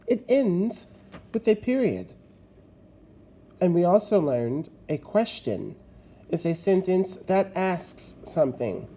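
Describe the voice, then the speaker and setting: A male teacher giving a recorded remote grammar lesson slowly and deliberately, stressing key words. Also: high voice, very animated, mellow.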